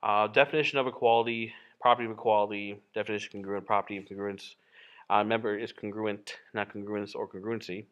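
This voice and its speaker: A man's voice: lowish voice, little pitch movement, fast talker, a bit bright, dull audio. A man teaching a geometry lesson while drawing, in a casual, explanatory way with frequent fillers and self-corrections. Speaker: math teacher.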